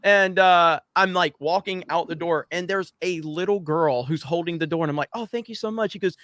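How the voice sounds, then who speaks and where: A man's voice: a little high, fairly even intonation, normal speed, fairly bright tone, no room sound. A man hosting a podcast in casual chat, laughing often and swearing freely. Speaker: podcast host.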